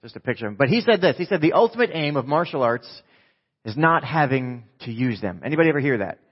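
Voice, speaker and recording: A married man preaching a conversational sermon to a live congregation, lively and jokey, often quizzing the audience with quick questions. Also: mid-range voice, husky. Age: adult, married with a wife. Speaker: pastor. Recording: dull lo-fi sound.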